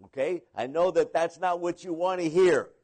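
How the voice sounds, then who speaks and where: A man's voice: a little high, normal speed, darkish tone. A man preaching a sermon to a congregation, rambling and repeating words, with comic asides where he imitates people. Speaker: pastor.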